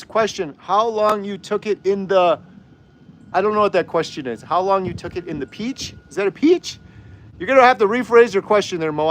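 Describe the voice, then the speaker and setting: A man's voice: high-pitched, slight background noise. A man hosting a livestream, arguing heatedly and firing off rhetorical questions while reading viewer comments. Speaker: host. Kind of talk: livestream chat and rant.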